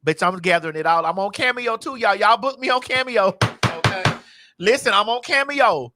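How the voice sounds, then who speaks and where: A woman hosting a podcast, cursing freely and teasing in brash, animated chat. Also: medium pitch, a little fast, heavy background noise. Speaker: podcast host. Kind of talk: loud, brash casual chat.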